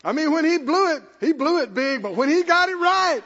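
In a fairly quick sermon, a man with a very high voice preaches with lively, swooping energy. He repeats himself for emphasis in a plain, folksy manner. The recording is dull and lo-fi, carrying a long hall echo.

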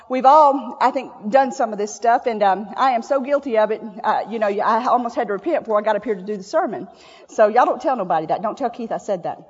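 A woman giving a sermon in a church, telling stories in a folksy, chatty way and laughing often. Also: high voice. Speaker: church speaker. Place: church sanctuary. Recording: echoey church hall, dull lo-fi sound.

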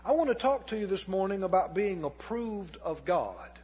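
A man preaching a sermon as pastor, reading scripture slowly and putting questions to the congregation that he answers himself. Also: high-pitched, animated, darkish tone, husky. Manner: reads scripture slowly and deliberately. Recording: long hall reverb, dull lo-fi sound.

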